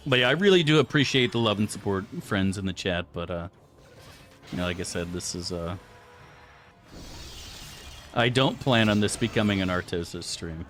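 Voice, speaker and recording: A man's voice: on the low side, expressive, moderate pace, pauses often, a bit bright, faint music behind. Profane rambling male streamer. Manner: crude, profane, rambling asides to chat. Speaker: game streamer. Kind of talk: casual live-stream chat.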